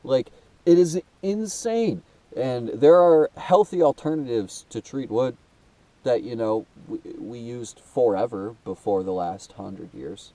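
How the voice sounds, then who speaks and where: A man's voice: mid-range voice, slow, dark tone, no echo, far from the mic. A young man talking to camera in a rambling, emotional monologue, swearing and calling the listener dude, with a blocked nose. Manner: casual and swearing, calls listener dude, many restarts and fillers. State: blocked nose, trouble breathing. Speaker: self-made video host.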